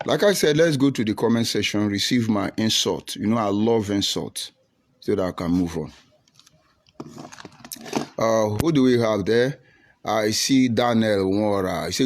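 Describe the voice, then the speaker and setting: A man's voice: on the low side, moderate pace, pauses often. A man with a Nigerian accent giving preachy, taunting livestream commentary while reading out viewer comments.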